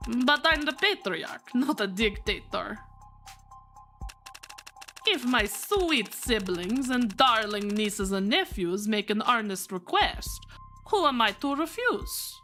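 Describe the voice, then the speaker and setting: A woman voicing a scheming male patriarch in a put-on Russian accent, reading game dialogue in a smooth, condescending way. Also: fairly high pitch, big pitch swings, slow, pauses often, sharp tone, faint music behind, full character voice. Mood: smug.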